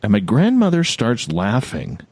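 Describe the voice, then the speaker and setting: A man's voice: mid-range voice, a little slow, dry recording. A man in his forties hosting a radio talk show, telling a personal story with lots of repetition and emphasis. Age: 40s. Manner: animated storyteller, repeats phrases. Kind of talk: casual storytelling chat.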